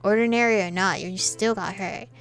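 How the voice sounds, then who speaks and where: A woman reading the lines of a blunt, gruff young male thief in a game, in her own voice with a grumbling edge. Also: medium pitch, fairly even intonation, moderate pace, faint music behind, close to an everyday voice. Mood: gruff teasing. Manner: curt and grumbling.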